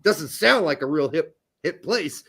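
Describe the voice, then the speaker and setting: Animated high-voiced man, rambling. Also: measured pace, vocal fry, slightly rough. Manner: rambling, profane, joking. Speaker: podcast co-host. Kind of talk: casual soccer podcast chat.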